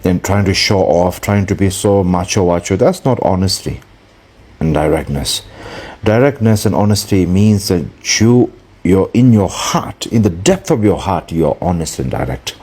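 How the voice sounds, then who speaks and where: A man with a very low, deep voice gives a Buddhist dharma talk. He speaks earnestly, pausing to hunt for the right word and circling back on his phrases. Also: animated, darkish tone, husky. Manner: earnest and searching for words, with pauses. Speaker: Buddhist teacher.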